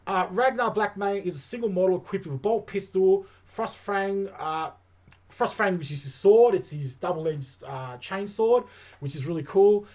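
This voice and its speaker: A man's voice: sits high, expressive, normal speed, darkish tone. A man hosting a wargaming channel, talking through tabletop game rules in a casual, enthusiastic way and thinking aloud with lots of fillers.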